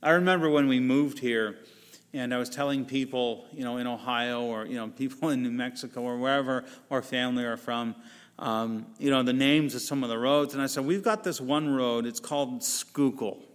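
A man's voice: mid-range voice, moderate pace. Man preaching conversationally in a reverberant sanctuary. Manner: conversational preaching with self-deprecating asides. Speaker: pastor. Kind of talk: sermon. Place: church sanctuary.

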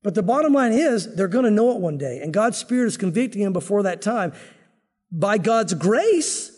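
A man's voice: sits high, big pitch swings, normal speed, darkish tone, in a large hall. A middle-aged male pastor giving an expository sermon in an earnest, conversational teaching manner.

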